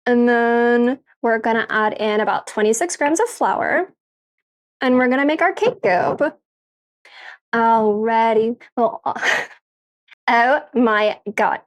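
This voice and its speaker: A young woman streaming live from her kitchen, chatting casually with viewers and her pets, laughing often and swearing freely. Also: fairly high pitch. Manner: giggly, swears freely, talks to chat and pets. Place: home kitchen.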